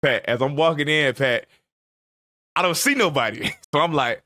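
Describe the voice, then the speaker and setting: Man in his 20s, podcast co-host, animated storytelling, laughing, dry close sound. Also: a little high, moderate pace, no room sound. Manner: animated, laughs often, acts out quotes. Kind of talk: casual storytelling chat.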